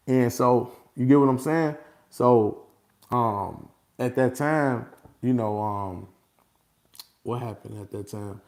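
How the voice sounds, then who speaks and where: A man talking casually and without a script to his followers, animated and repetitive, often breaking into laughter. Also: medium pitch, takes it slowly, creaky. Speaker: vlogger addressing his followers. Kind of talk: casual unscripted monologue.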